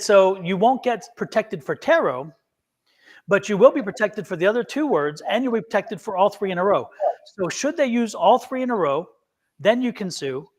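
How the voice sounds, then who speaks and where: A man hosting a live tarot stream, telling a long story in a rambling way and acting out both sides of a phone call. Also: sits high. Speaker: tarot reader, show host.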